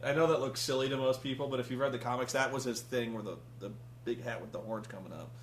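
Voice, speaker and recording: A man's voice: medium pitch, steady tone, quick pace, slight background noise. A man reviewing a film in casual chat, rambling and profane, often acting out characters' lines. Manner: rambling, profane, acts out quotes.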